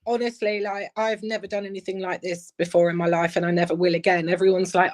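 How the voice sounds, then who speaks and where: A woman's voice: on the low side, steady tone, quick pace, hardly any pauses. A woman in her fifties, a guest in a casual interview, talking chattily with lots of "like" and "literally". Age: 50s. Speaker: guest, club player care head.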